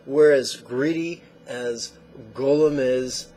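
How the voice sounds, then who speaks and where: A man teaching meditation, who tells lively stories and acts out the quotes. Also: mid-range voice, takes it slowly. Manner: animated storyteller acting out quotes. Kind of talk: spoken meditation lesson.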